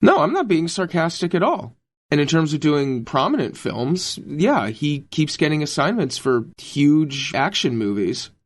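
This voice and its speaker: A man's voice: fairly high pitch, big pitch swings, a little slow. A man co-hosting a podcast in casual chat, with a dry, joking delivery. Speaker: podcast co-host.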